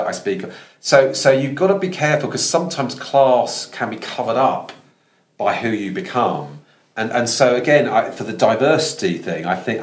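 Man, Estuary accent, low voice, professor guest, earnest, many restarts. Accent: Thames Estuary English. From London. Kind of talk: conversational podcast interview.

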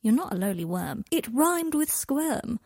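Woman reading a fanfic out loud, kinda husky, dry close sound, does all the parts herself. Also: high-pitched, big pitch swings, a little slow, dry recording. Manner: reads both characters' dialogue and texts in one voice. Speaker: fan fiction audiobook reader. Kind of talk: scripted narration.

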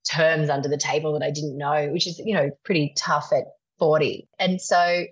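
A woman in her forties with an Australian accent, a magazine editor chatting as a podcast guest, animated and laughing often. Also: sits low, moderate pace, husky. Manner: animated, laughs often, stretches words for emphasis. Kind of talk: podcast interview chat. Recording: slightly dull lo-fi sound.

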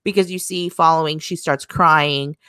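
A woman's voice: low voice, steady tone, moderate pace, a bit bright, smooth, no room sound, studio quality. A woman co-hosting a casual chat about a TV drama, talking in hesitant stops and starts with many ums. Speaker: podcast co-host discussing a TV drama.

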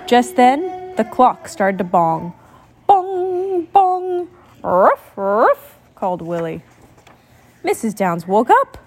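A woman reading a picture book aloud, expressive and doing sound effects while explaining to a child. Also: fairly high pitch. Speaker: storybook reader.

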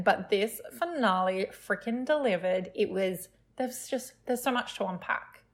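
A woman's voice: medium pitch, a little slow, gravelly, few pauses. A woman co-hosting a podcast, gushing with enthusiasm in casual run-on chat. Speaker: podcast co-host.

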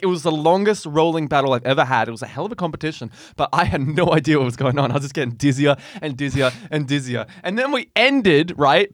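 A man co-hosting a casual podcast, telling a crude, animated story and laughing often. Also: a little high, no room sound, clean studio sound. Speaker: podcast co-host.

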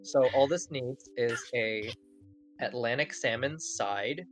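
A podcast co-host walks through a recipe in a loose, rambling way, swearing freely and laughing at their own jokes. The voice sits at an ordinary middle pitch, neither high nor low. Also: slow pace, faint music behind. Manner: profane, rambling, laughs often. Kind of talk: casual chat.

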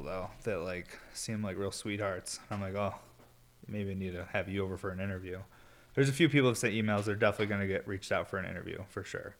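Stoned, rambling laid-back man, low voice. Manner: rambling and laid-back, heavy filler words, swears freely. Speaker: podcast host and glass blower. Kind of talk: solo podcast casual chat.

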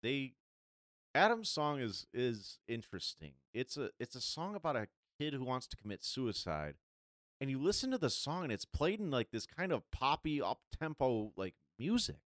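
Lively mid-pitched man, emphatic podcast co-host. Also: moderate pace, dry recording, clean studio sound. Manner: animated, emphatic agreement. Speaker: guest co-host. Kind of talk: casual chat.

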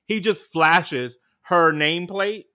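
Bright sassy man in casual chat. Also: fairly high pitch, takes it slowly. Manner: sassy and animated, calling people heifers. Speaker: podcast co-host.

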